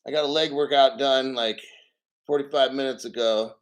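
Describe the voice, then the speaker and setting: A man's voice: medium pitch, steady tone, moderate pace. A man hosting a casual crypto livestream, a little out of breath, rambling and joking loosely as he reads donations.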